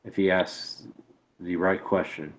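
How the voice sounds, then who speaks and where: A man voicing a grave, ancient male druid who speaks slowly and portentously. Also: sits low, level tone. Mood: ominous.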